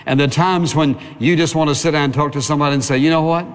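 A pastor preaching a sermon in a plain-spoken, conversational way, piling up repeated phrases for emphasis. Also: male voice, a little high, steady tone, quick pace, big-room sound.

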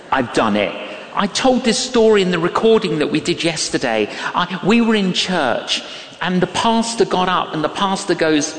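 A man preaching a sermon, telling personal stories and acting out the voices of the people in them. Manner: animated storytelling, acts out voices, big pitch swings. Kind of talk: sermon with anecdotes. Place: church or large hall. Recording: echoey hall, a little distant.

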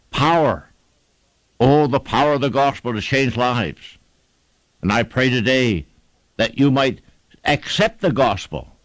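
A male preacher delivering a sermon, his pitch rising and falling widely as he drives each point home. He leans on rhythmic repetition in an old-fashioned preaching cadence. The recording is dry and close, with no room sound. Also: no room sound.

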